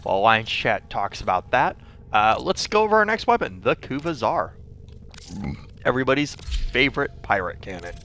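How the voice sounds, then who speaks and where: A young man streaming a game, rambling in casual commentary with free swearing, self-mocking asides, and a scratchy throat he keeps clearing. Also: mid-range voice, very animated, moderate pace, bright, forceful tone.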